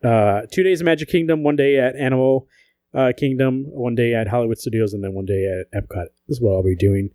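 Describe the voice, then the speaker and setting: With no echo in the room, a man speaks a little fast at medium pitch while co-hosting a podcast. His talk is loose and profane, mixing jokes with animated tales.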